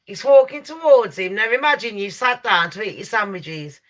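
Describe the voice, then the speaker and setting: A young woman telling a ghost story to her live chat, loud and sweary, laughing and shrieking as she goes. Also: medium pitch, animated, moderate pace. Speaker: live stream host.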